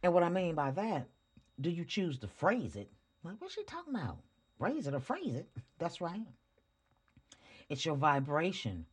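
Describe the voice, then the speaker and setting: A woman's voice: deep voice, sing-song, a little slow, long pauses, slightly rough. A woman hosting a spiritual podcast, talking casually and preachily into a microphone, asking rhetorical questions and chuckling often. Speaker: podcast host. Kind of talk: spiritual motivational talk. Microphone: studio microphone.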